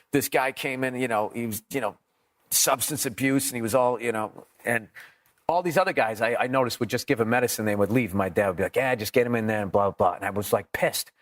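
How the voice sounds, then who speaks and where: A man, a comedian guest in an interview, telling profane, animated stories and acting out quotes. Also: medium pitch. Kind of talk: storytelling interview.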